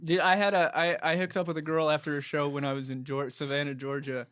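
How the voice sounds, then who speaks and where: A man with a high, bright voice fires off quick teasing one-liners and laughs often as co-host. The sound is close and dry, with no room behind it. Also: flat delivery, clean tone, dry recording. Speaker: co-host, comedian. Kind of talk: casual chat.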